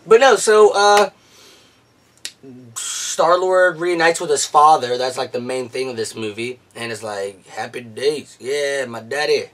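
A man reviewing a movie in casual chat, excitable and gushing, often exclaiming and laughing. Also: a little high, a little slow, distant mic.

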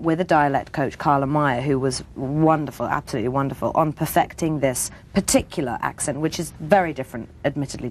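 A woman telling a lively anecdote as a guest on a studio talk show, acting out the voices in her story. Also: sits low. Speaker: actress guest.

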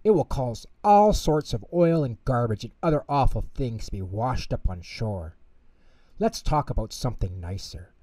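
A man voicing a big, kind, gentle male whale in a storybook, talking in a friendly, chatty way. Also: medium pitch, expressive, moderate pace, no echo, natural voice.

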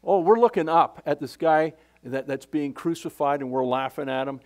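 A man preaching a sermon with passion, often restarting phrases and swinging from loud to hushed. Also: fairly high pitch, moderate pace. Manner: impassioned, repetitive, with restarts and sudden swings in loudness. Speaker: pastor.

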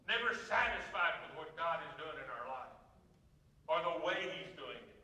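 A middle-aged male pastor preaching a sermon, swinging between loud praise and soft, hushed moments. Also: on the high side, big pitch swings, normal speed. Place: church sanctuary. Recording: echoey church room, mic heard from a distance.

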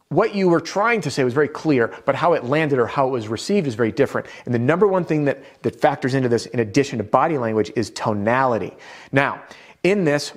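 A man teaching sales straight to camera. His delivery is upbeat and direct, and he drops in some self-deprecating humor. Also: medium pitch. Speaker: sales trainer.

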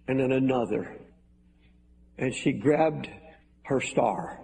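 A man's voice: mid-range voice, slow, creaky, darkish tone, slight background noise. A man preaching a sermon as pastor, earnest and pleading, with emphatic repetition, recorded live in a large church hall. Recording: live sermon in a reverberant hall, faint music.

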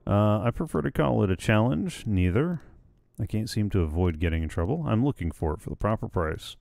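A man hosting a let's-play, talking through a video game casually in a relaxed, wry manner and thinking aloud. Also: on the low side, a little fast, vocal fry, no room sound. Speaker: gaming let's-play host. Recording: voice over game audio with faint music.

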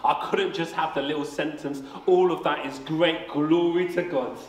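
A man in his late twenties preaching a family service sermon in a church hall, energetic and jokey, often repeating words as he starts a sentence. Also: fairly high pitch, normal speed. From England. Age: 20s. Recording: echoey hall, faint ambience.

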